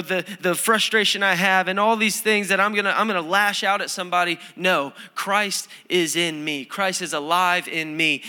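A male pastor with a bright, ringing voice that sits a little higher than most men's. He preaches in a loose, conversational way, full of ums, restarts and self-deprecating jokes. His words carry the long reverb of a large church hall. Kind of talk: sermon.

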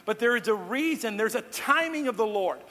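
A man preaching to his congregation as pastor, talking in a relaxed way with joking asides to the crowd, recorded in a church hall. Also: high voice, moderate pace, a little hiss or hum. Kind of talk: sermon. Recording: long hall reverb.

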